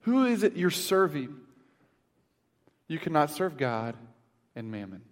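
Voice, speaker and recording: A pastor preaches a sermon in a reverberant church sanctuary, his voice a little high and his pace measured. He tells stories animatedly, swinging from loud to hushed.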